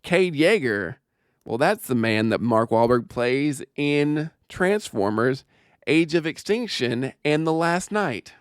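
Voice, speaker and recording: Male podcast host, lively swinging delivery, jokey and fast-talking, close dry mic. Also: mid-range voice, smooth, dry recording. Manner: jokey, animated, laughs often, quick asides. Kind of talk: casual chat.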